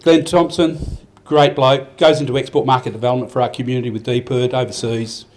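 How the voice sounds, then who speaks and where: A man's voice: medium pitch, fairly even intonation, quick pace, darkish tone, slight background noise. An older Australian man giving a rambling, heartfelt speech at a farmers' awards night, with many restarts. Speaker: event organiser giving a speech. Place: event hall.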